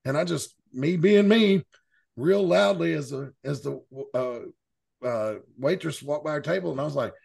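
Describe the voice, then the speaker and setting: Gravelly, outspoken man. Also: on the high side, measured pace, a little mellow. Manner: blunt, outspoken storyteller. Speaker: podcast panelist. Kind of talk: casual chat.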